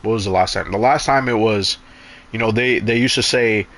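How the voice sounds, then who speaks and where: A man's voice: fairly low pitch, normal speed, a bit bright. Rambling young man, cursing. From Canada. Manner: rambling, profane storytelling with many restarts. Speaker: gaming streamer. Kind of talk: casual chat while gaming.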